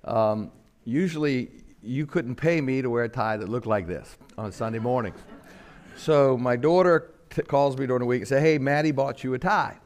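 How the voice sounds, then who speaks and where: Older pastor; folksy storytelling sermon, mid-pitched voice, acts out quotes, slows for solemn lines. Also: male voice, darkish tone.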